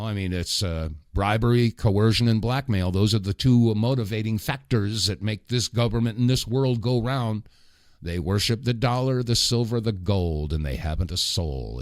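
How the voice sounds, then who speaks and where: A middle-aged man hosting a political talk radio show, delivering a rambling, impassioned monologue with sudden loud outbursts. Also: lowish voice, no echo, studio quality.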